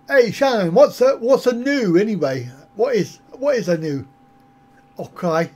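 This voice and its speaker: A man's voice: sits high, lively intonation, slow, pauses often, darkish tone. A man on a casual live stream, answering viewer comments in a rambling, self-mocking way. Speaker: travel vlogger answering live chat.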